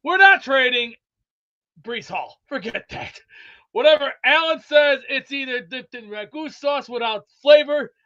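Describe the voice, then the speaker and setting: A man with a very high, bright voice rambles boastfully about his team, excitable and a little winded. The recording sounds dull and lo-fi. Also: normal speed. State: out of breath from exercise. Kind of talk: rambling comedic sports chat.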